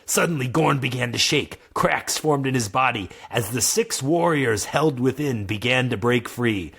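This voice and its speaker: A man's voice: medium pitch, expressive, normal speed, creaky, a bit bright, breathy edge. A man reading his own comedic fantasy story aloud, casual and joking as he narrates. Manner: laughs through his own jokes, casual asides.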